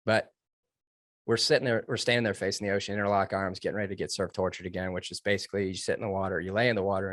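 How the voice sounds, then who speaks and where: A man recounting his military training in an interview, earnest and emotional, with halting restarts. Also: low-pitched, a bit bright, dry recording, studio quality. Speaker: guest, former Navy SEAL trainee. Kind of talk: personal story told in an interview.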